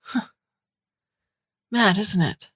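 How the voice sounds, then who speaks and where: A woman's voice: mid-range voice, very slow, fairly bright tone, husky, pitched above the performer's own voice, exaggerated voice. A woman voicing a wistful young woman who confides a secret in a half-whisper, in an audiobook reading. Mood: confiding.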